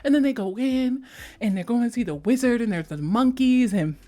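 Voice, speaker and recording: A woman chatting casually as a vlogger, gushing about a film in slangy talk, switching between high mock voices and soft whispers. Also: animated, normal speed. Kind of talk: casual chat.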